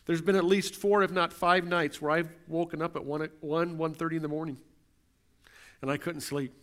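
A man's voice: a little high, fairly even intonation, moderate pace, a bit bright. A middle-aged man preaching a sermon as pastor, earnest and building through repeated questions. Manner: earnest, repetitive rhetorical questions.

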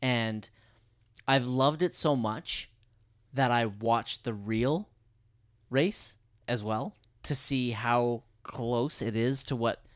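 A man co-hosting a movie podcast, talking casually and enthusiastically, swearing freely and getting louder when excited. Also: mid-range voice, slow pace, dry recording, clean studio sound. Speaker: podcast co-host.

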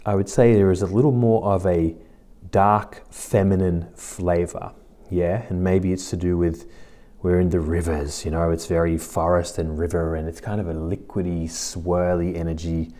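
A man hosting his own podcast, talking casually in a relaxed, rambling, reflective way. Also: low voice, normal speed. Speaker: podcast host. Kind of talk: casual solo podcast monologue.

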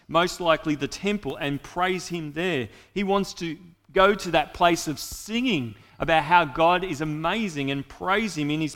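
A man's voice: a little high, a bit bright. Earnest male preacher in a reverberant hall. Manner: earnest, addresses listeners directly. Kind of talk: sermon.

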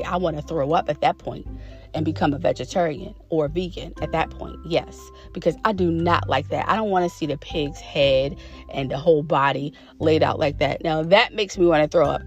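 Woman vlogger just chatting to her followers, kinda low voice, stretches words out, lil bit of music in the back. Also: dull audio. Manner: chatty, animated, drawn-out emphasis. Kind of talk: casual chat to viewers.

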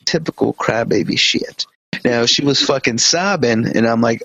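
A male podcast co-host reading a story aloud in a profane, animated way, with quick comic asides. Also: mid-range voice, no echo. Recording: dull lo-fi podcast audio.

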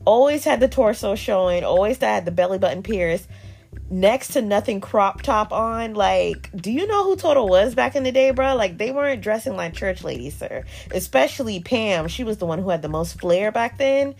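Animated, sassy woman host. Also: medium pitch, moderate pace, gravelly, slightly rough, soft background music. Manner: animated and sassy, laughs often, uses slang. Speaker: podcast host reviewing a reality show. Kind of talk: casual commentary.

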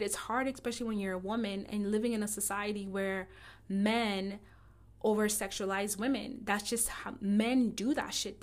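A woman giving a blunt, impassioned and profane monologue straight to her listeners. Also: medium pitch.

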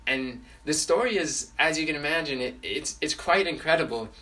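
A man retells a story in a casual, rambling way, full of restarts and fillers. His voice sits fairly high for a man and sounds somewhat distant from the microphone. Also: pushed and bright. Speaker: storyteller sharing a testimony.

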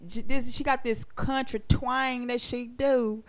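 A woman co-hosting a podcast, chatting casually and telling stories in an animated, blunt way. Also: a little high, measured pace. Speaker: podcast co-host. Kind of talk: casual chat.

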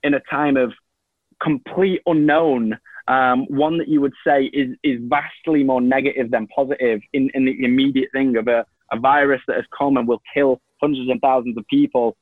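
A man's voice: mid-range voice, fairly even intonation, normal speed, dry recording. Rambling young man on a tinny line. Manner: rambling, many restarts and fillers. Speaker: guest. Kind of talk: casual reflective interview answers. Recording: tinny phone-like line, dry.

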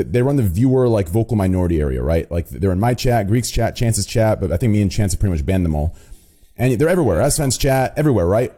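Rambling young man with a mellow voice. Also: on the low side. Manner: rambling, swearing, repeats "hear me out". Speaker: streamer. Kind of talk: casual group chat on a call.

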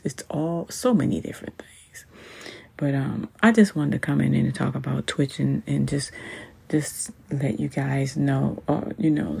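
Solo podcast host, husky and warm, soft-spoken with halting fillers. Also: medium pitch.

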